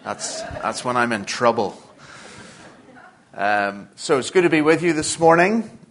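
A middle-aged man from Northern Ireland with a Northern Irish accent, giving a church lecture in a measured way with dry, self-deprecating humor. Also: medium pitch, animated, a bit bright. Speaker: guest lecturer.

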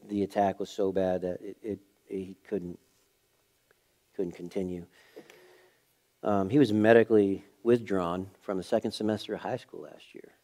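In a church, a middle-aged male pastor delivers a sermon built around a personal story. His lowish voice shifts from hushed, quiet stretches to raised, emphatic ones.

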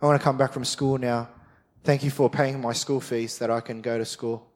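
A man's voice: medium pitch, fairly even intonation, normal speed, a little mellow, in a large hall, voice pushed down, natural voice. A man voicing a dutiful child who recites stiff, formal thanks to his father in a rote way.

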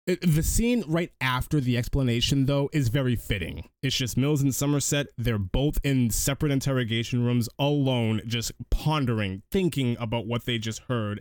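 Male podcast host, animated recap delivery, dry close-miked sound. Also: mid-range voice, dry recording. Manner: animated storyteller, frequent restarts. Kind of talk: casual film recap chat.

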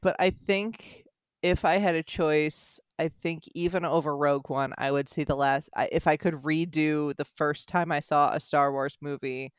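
Fast, animated American storyteller. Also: medium pitch, clear, resonant tone, no room sound, studio quality. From United States. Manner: quick, animated storytelling with many restarts. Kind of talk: casual chat.

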